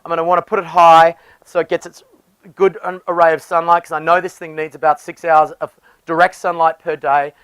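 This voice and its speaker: A man's voice: on the high side, little pitch movement, brisk, fairly bright tone, clean tone, no echo, rough recording. A man, a landscape designer, explaining garden design with enthusiasm and often restarting his phrases.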